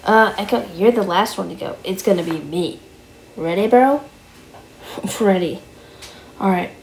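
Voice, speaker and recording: A woman's voice: mid-range voice, measured pace, a little mellow, a little hiss or hum, natural voice, low-quality recording. A woman voicing a young male wolf in a Minecraft roleplay, talking casually, calling everyone bro and stammering with fillers. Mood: excited. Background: background music.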